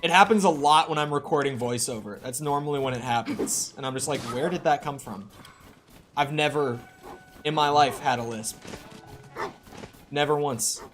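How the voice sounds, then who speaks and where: A young man chatting to himself while he plays, circling back and restarting his sentences as he thinks out loud. His voice sits a bit on the high side, with faint music running in the background. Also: moderate pace. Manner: rambling, self-talk with frequent restarts. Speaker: streamer. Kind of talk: casual gameplay commentary.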